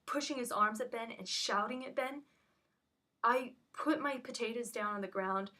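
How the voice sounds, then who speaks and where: A woman's voice: a little high, moderate pace, bright, forceful tone. A woman giving an emotional first-hand account of an incident, speaking urgently with frequent restarts. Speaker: witness recounting an incident.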